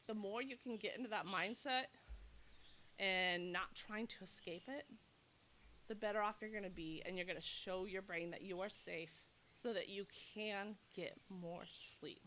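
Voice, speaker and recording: Nurse host, woman, 30s, bright and animated, a bit breathless, outdoor clip-on mic. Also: medium pitch, measured pace, slight background noise. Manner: animated, acts out anxious inner thoughts. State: slightly out of breath. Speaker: nurse and sleep coach. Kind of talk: casual direct-to-camera advice talk. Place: outdoors in humid heat. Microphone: clip-on mic, loosening.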